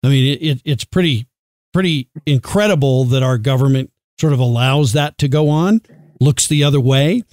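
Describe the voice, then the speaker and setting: A man's voice: mid-range voice, moderate pace, a little mellow, no room sound. A male interviewer asking questions with thoughtful, somewhat hesitant phrasing.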